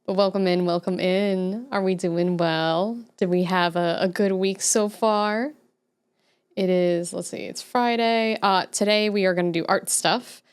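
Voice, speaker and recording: A young woman hosting a relaxed livestream, taking her time as she chats with her viewers into a desk mic. She answers them with easy giggles. Her voice sits at an ordinary middle pitch. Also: measured pace, smooth. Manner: chatty, giggly, answers chat aloud with frequent laughter. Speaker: livestream host. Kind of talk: casual chat with viewers while drawing.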